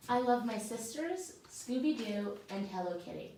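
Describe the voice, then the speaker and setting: A woman's voice: a little high, expressive, normal speed, warm tone. A female student answers her teacher casually and thoughtfully, with "like" fillers, and reads example sentences aloud. Her voice comes from a distance in a strongly echoing classroom. A faint hiss runs underneath. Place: small classroom. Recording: very echoey room, mic far off, faint hiss.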